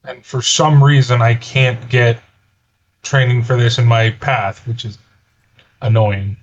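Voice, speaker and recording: A man's voice: mid-range voice, flat delivery, slow. A man playing in a tabletop game, speaking in a wry, mildly exasperated way. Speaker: player. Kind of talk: casual tabletop play. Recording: dull lo-fi mic.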